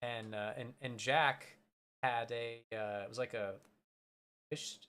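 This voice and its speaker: A man's voice: medium pitch, steady tone, takes it slowly, a bit bright, clean tone. A man streaming, chatting casually and telling a rambling story with many restarts. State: voice changed by a bite on the throat.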